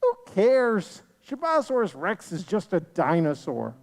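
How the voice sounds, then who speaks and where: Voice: mid-range voice, big pitch swings, unhurried, big-room sound. Storyteller doing a dismissive schoolteacher. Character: dismissive, callous adult schoolteacher.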